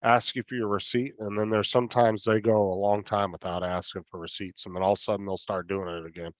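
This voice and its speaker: A man joining a casual chat, talking haltingly with many restarts. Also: fairly low pitch, little pitch movement, dry recording. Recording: dull dry remote audio.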